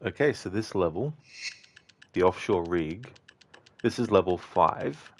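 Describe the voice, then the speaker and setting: A man's voice: sits low, expressive, unhurried, a little mellow. A man streaming a game, chatting casually with viewers, with frequent fillers and easy laughs. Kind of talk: casual chat reading viewer messages.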